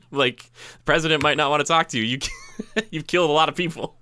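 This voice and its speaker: A man's voice: a little high, fast talker, pushed and bright, clean tone. A man hosting a casual movie review chat, rambling and acting out quotes from scenes. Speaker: podcast co-host.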